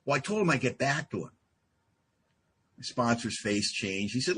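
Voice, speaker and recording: A man giving a humorous share at a recovery meeting, an animated storyteller who acts out dialogue. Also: medium pitch, moderate pace, pauses often, husky. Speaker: AA speaker.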